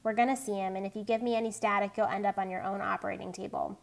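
A woman's voice: medium pitch, fairly even intonation, racing, creaky, close to an everyday voice. A woman reading a tough, reckless teenage greaser boy aloud, blunt and streetwise. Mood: threatening.

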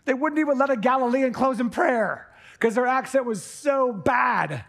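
A man preaching a sermon from the pulpit, animated and earnest, dropping into hushed intensity for emphasis and tossing in casual jokey asides. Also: very high-pitched, moderate pace, vocal fry. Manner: jokey asides with put-on accents. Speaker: pastor. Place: church sanctuary.

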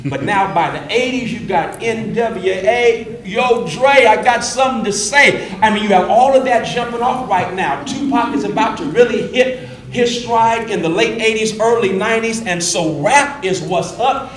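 A middle-aged man, a preacher leading a workshop, talking fast and animated, often repeating a word as he starts a thought. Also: high-pitched. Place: indoor room with an audience. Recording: echoey room, distant mic, faint noise.

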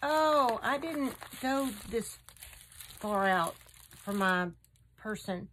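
A high-pitched woman unpacks gifts and gushes over every piece in an unhurried, drawn-out way. She exclaims often, and faint noise hums under the recording. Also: animated, a bit bright. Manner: gushing, exclaiming over each item. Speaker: craft channel host. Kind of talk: unboxing a gift swap.

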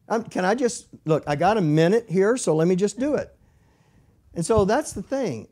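Man, Bible teacher, fairly high voice, conversational, emphatic preaching. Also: expressive, moderate pace, warm tone. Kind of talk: Bible study lecture.

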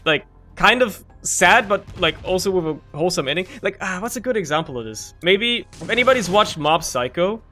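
Bright-voiced man rambling over gameplay. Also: fairly high pitch. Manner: rambling, candid, swears freely, many fillers. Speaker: gaming video creator. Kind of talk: casual gameplay commentary.

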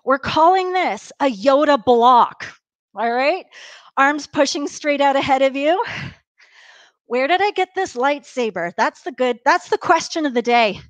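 A woman's voice: high-pitched, lively intonation, a little slow, no room sound. A woman leading a live workout class, upbeat and encouraging, counting down reps and a bit out of breath from exercising along. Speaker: fitness instructor.

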